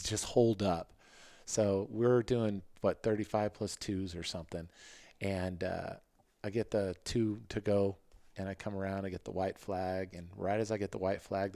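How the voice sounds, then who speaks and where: Middle-aged man, lowish voice, dry close sound, casual animated storyteller who acts out his own thoughts. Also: vocal fry, dry recording. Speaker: podcast guest, former motocross racer.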